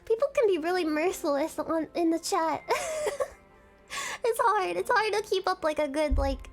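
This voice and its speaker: A woman's voice: very high voice, expressive, moderate pace, faint music behind. A young woman streamer chatting casually, giggling often and rambling with lots of fillers. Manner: giggly, rambling, self-conscious fangirling. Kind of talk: casual live-stream chat.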